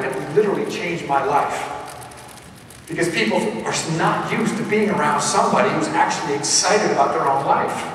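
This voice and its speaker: A man giving a live motivational keynote, punchy and energetic, talking straight to the crowd. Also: on the high side, a little hiss or hum. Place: large event hall. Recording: echoey hall recorded from far off.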